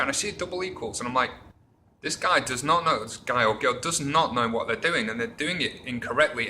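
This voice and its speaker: A man's voice: mid-range voice, bright, forceful tone, low-quality recording. A man explaining a programming idea in a casual, rambling tutorial with many fillers and everyday analogies. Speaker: programming instructor. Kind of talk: casual coding tutorial talk. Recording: faint background noise.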